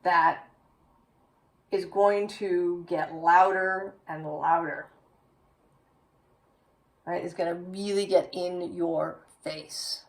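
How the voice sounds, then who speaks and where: A woman reads tarot cards in an unhurried, low-pitched voice, musing aloud and checking in with "right?". She sits a little way back from the mic, so her voice sounds slightly distant. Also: steady tone. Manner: slow, musing, with many "right?" tags. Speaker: tarot reader. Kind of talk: tarot reading.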